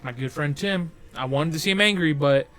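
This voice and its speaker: A man's voice: on the high side, brisk, fairly bright tone, soft background music. A young man co-hosting a casual podcast, rambling and swearing through stories with frequent laughs. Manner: profane, rambling, laughing storyteller. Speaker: podcast co-host.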